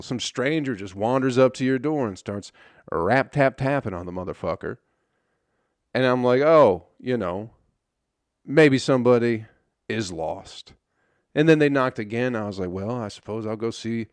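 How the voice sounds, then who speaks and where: A man's voice: medium pitch, no echo. A young man hosting a casual solo comedy podcast, telling a story in a loose, profane, friendly way. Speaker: podcast host.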